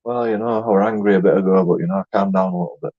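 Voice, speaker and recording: Husky man rambling. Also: sits low, fairly even intonation, racing, no room sound. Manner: boastful, jokey, swears and laughs often. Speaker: YouTube auditor vlogger. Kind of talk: casual rambling monologue. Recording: dull lo-fi dry sound.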